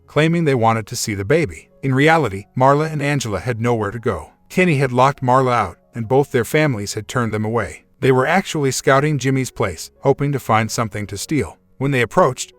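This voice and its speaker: A man reading a dramatic relationship story aloud as scripted narration, in a steady, even storytelling manner. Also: medium pitch, no room sound.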